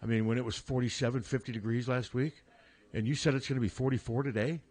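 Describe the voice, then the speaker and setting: A man hosting a casual sports radio talk show, chatty and quick to laugh, often restarting his sentences. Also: mid-range voice, steady tone, darkish tone. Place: radio studio.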